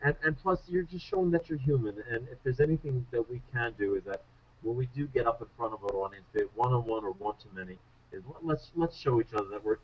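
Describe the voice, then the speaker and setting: On a muffled radio broadcast, a male guest who coaches public speaking spins lively, self-mocking anecdotes. His mid-range voice has a breathy edge.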